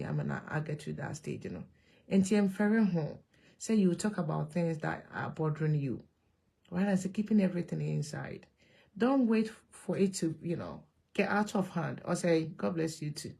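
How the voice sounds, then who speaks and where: Ghanaian woman vlogging, gravelly and husky, talks animated and emphatic. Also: deep voice. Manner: mixes Twi and English, animated and emphatic. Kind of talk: casual monologue to camera.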